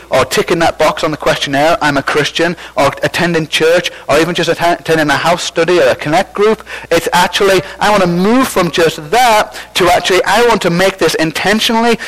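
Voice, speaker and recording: A man's voice: high voice, a bit bright, rough recording. A man preaching a sermon as pastor, conversational and self-deprecating, with false starts.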